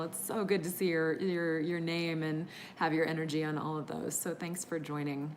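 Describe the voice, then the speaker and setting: A woman's voice: low voice, little pitch movement, moderate pace, hardly any pauses. Bubbly woman hosting a live class. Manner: bubbly and chatty, greets viewers by name, many fillers. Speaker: energy healing and meditation teacher. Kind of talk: live-stream class chat, reading viewer comments.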